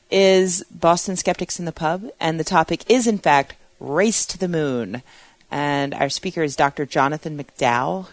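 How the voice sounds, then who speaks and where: A woman's voice: deep voice, no echo. A woman co-hosting a podcast in casual panel chat, talking in a chatty, sardonic way and laughing often. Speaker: podcast co-host.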